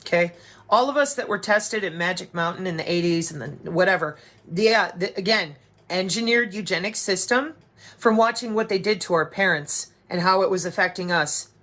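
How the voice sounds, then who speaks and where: A middle-aged woman giving a profane, sarcastic monologue to camera, animated and blunt. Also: on the low side, normal speed. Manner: profane, sarcastic, animated, slips into mocking voices. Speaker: vlogger.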